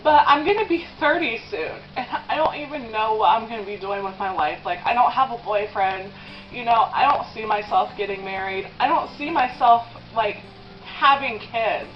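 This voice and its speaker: A woman in her twenties with a highish voice talks at a moderate pace in a confessional vlog while eating. She rambles with plenty of "um" and "like" and is tearful at times. The audio is dull, with soft music in the background.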